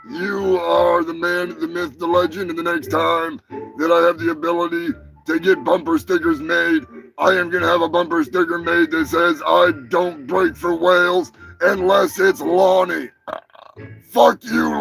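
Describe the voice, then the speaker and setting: A man hosting a crude comedic live show, brash and profane, rambling through shout-outs to his viewers. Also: fairly high pitch, vocal fry, rough recording. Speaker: host.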